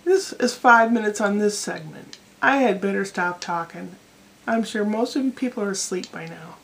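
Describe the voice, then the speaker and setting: A woman's voice: mid-range voice, normal speed, a bit bright. Middle-aged American woman, home vlogger, digressive and self-deprecating, recorded on a camera mic. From United States. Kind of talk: casual rambling vlog monologue. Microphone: camera microphone.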